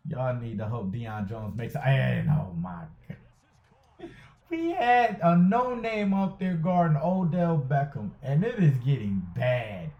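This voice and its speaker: A man giving excited play-by-play commentary over a football video game he is playing, hyping and groaning at each play and repeating his phrases. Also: on the high side, a little slow, few pauses. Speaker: gaming YouTuber. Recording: tinny phone-like sound in an echoey room.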